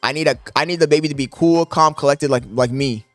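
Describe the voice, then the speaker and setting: A young man streaming live from his apartment, talking loudly and profanely to his chat into a desk microphone, laughing often. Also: a little high, quick pace, soft background music. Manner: loud, yelling into the mic, profane, laughing.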